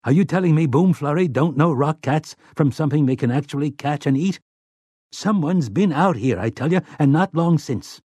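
Man doing a whiny, rough-spoken traitor father. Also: on the high side, animated, moderate pace, dark tone, no room sound, pitched above the performer's own voice. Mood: angry.

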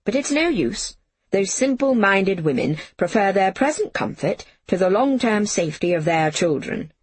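A woman voicing a stern, brisk official lady who speaks crisply and commandingly in a storybook. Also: mid-range voice, animated, dry recording.

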